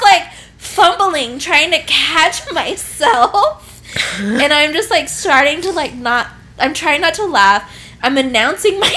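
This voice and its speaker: Young woman, pregnant, casual storytelling, laughs a lot, swears, unhurried pace, faint background noise. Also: high-pitched.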